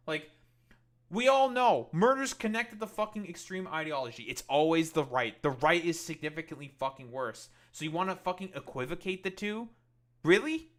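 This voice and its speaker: A man's voice: a little high, a bit bright. A man hosting a live stream, ranting about politics in a heated, profane and mocking way.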